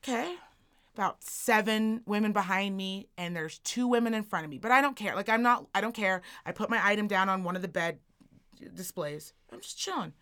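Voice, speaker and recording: A woman co-hosting a podcast, telling a comedic story in a sassy, profane, animated way. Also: medium pitch, brisk, smooth. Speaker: podcast co-host.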